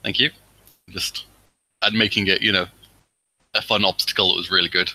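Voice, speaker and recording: A man's voice: low-pitched, steady tone, sharp tone, no echo, rough recording. A man playing in a tabletop game, hesitantly sharing what he enjoyed about the session. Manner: hesitant, halting. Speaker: player. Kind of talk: casual post-game chat.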